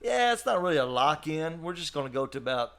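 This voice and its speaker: A man's voice: on the high side, big pitch swings, quick pace, fairly bright tone. A man in his sixties, a youth pastor, joking and teasing in a casual podcast chat.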